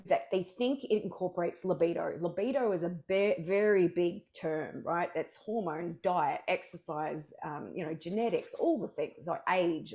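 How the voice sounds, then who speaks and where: A woman's voice: on the low side, darkish tone. A middle-aged woman, a coach, telling stories in an interview with energy and emphasis, restarting her sentences as she goes. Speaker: sexual wellness coach, interview guest. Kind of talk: candid interview talk.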